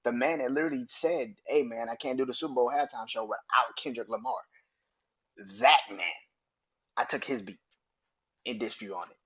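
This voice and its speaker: A man hosting a solo podcast, ranting in a profane, animated and emphatic way. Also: medium pitch, normal speed, pauses often, husky, lo-fi sound. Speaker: podcast host. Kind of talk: opinionated solo podcast rant.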